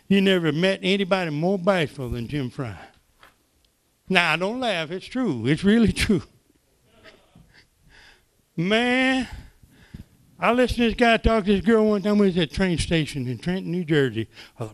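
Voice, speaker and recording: An older man preaching, telling folksy stories that swing from soft asides to loud exclamations. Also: high-pitched, lively intonation, normal speed. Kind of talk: sermon testimony.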